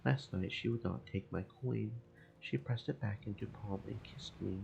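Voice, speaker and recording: A man's voice: on the low side, normal speed, gravelly, dull audio, slight background noise. A man voicing a proud, amorous Spanish fishmonger in a theatrical put-on Spanish accent, over game music. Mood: lovesick. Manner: theatrical, lovesick.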